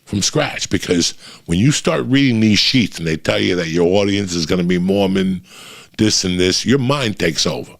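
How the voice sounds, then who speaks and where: A middle-aged man, a comedian, telling profane, animated road stories in a casual chat. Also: deep voice, normal speed, vocal fry. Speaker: comedian guest. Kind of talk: storytelling chat.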